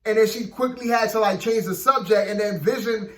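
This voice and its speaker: A man talks through a TV episode in a loose, rambling review, full of "like" and "you know" and self-restarts. His voice sits fairly high for a man, and the room around him rings with noticeable echo. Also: brisk, a bit bright. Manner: rambling, filler-heavy, keeps saying "you know what I mean". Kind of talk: casual spoken review.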